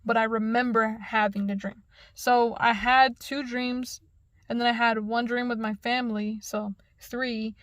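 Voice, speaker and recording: A young woman recounting a dream in casual storytelling, animated and profane, acting out the dialogue. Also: on the high side, a little slow, dry recording, studio quality.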